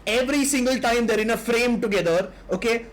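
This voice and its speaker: A man co-hosting a podcast, chatting casually and excitedly retelling a manga plot, acting out the characters' lines. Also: extremely high pitch, a little fast, low-quality recording. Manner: animated, acts out characters' lines in quotes. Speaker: podcast co-host.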